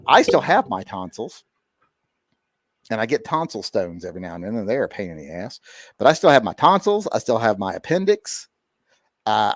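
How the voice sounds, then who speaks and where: A man's voice: lowish voice, no room sound, studio quality. A man hosting a casual livestream, reading viewer messages and joking around with lots of filler words. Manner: joking, rambling with many fillers. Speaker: livestream host. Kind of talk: casual livestream chat reading super chats.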